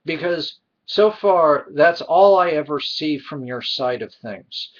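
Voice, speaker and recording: A man vlogger delivering a heated, indignant opinion rant to camera, emphatic and frustrated. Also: fairly high pitch. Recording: dull lo-fi recording.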